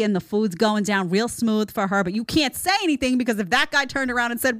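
A woman's voice: on the high side, moderate pace, no room sound. A woman hosting a podcast, giving opinionated commentary in a sarcastic tone and mocking people with impressions, recorded on a studio mic. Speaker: podcast host. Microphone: studio microphone.

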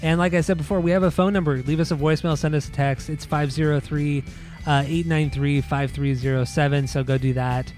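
Teasing podcast co-host, higher-pitched man. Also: fairly even intonation, a little fast, darkish tone, faint music behind. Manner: laughing, teasing, dry humor. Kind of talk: casual podcast chat.

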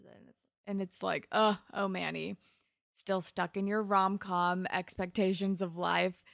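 Gravelly-voiced chatty woman. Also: medium pitch, steady tone, measured pace, a bit bright, no room sound, studio quality. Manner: chatty, laughs often, acts out quotes. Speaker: podcast co-host. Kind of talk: casual TV recap chat.

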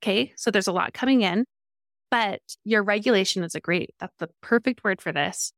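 A middle-aged woman coach speaking calmly and reflectively, with many affirming murmurs. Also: medium pitch, normal speed, no echo, clean studio sound. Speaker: parenting coach. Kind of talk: coaching conversation.

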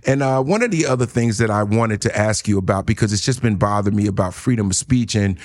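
Middle-aged male host, casual and excitable, laughs and exclaims often. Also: on the low side, quick pace. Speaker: podcast host. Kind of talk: casual chat.

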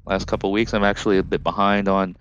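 A man's voice: deep voice, little pitch movement, fast, a bit bright, lo-fi sound, a little hiss or hum. A man hosting his own podcast alone, rambling and joking casually with lots of fillers. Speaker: podcast host.

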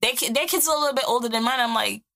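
Blunt, profane woman in her thirties, podcast co-host, casual chat with a bright, clear-cut voice. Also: fairly high pitch, racing.

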